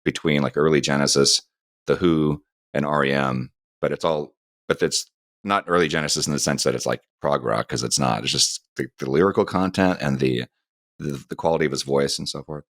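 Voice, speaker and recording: A middle-aged man with an extremely deep voice talks casually on a podcast, drifting through a long anecdote. The sound is close and dry, with no room around it. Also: brisk, fairly bright tone, dry recording. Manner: meandering anecdotal storytelling. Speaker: podcast co-host.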